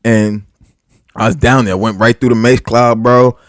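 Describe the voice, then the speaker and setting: A man's voice: medium pitch, unhurried, no echo, clean studio sound. A man co-hosting a podcast, telling a story in casual, profane talk full of filler words and restarts. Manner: heavy filler words, profane, animated retelling. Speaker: podcast co-host.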